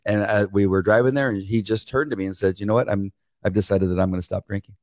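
A man's voice: lowish voice, steady tone, fast, a little mellow, no echo, clean studio sound. A man, a former police officer co-hosting a devotional podcast, telling a long story in a rambling way with many restarts. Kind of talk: casual devotional chat.

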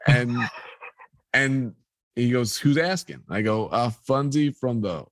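A man's voice: medium pitch, slow, no echo. A man, a guest telling a long personal story and acting out the people in it. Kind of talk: storytelling in a podcast conversation.

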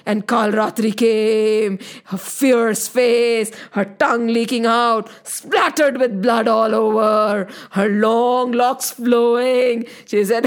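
Expressive woman storyteller, high voice. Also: slow. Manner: expressive, sweeping, emphatic. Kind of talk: dramatic storytelling for children.

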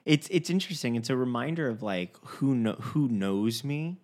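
A young man from Long Island who trained as an actor, chatting casually in a lively, animated way with frequent restarts. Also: medium pitch, normal speed. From Long Island, raised in Fort Lauderdale. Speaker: actor and dialect coach. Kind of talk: casual conversation.

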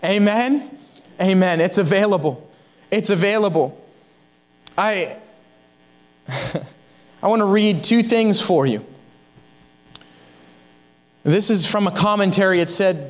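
A man's voice: high voice, takes it slowly, pauses often. A young adult man, a guest pastor, preaching a fervent sermon that exhorts the congregation.

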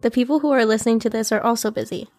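A woman's voice: fairly high pitch, rapid-fire, a little mellow, a little hiss or hum. Dry, teasing young woman. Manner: dry, teasing, laughs often. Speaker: podcast co-host. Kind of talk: casual chat.

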